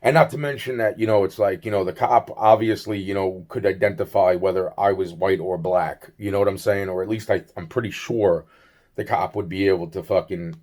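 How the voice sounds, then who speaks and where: A man's voice: deep voice, fairly even intonation, fairly quick, a little mellow. A man giving a rambling solo video monologue, heavily profane and full of restarts and fillers, agitated and worn out. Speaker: vlogger.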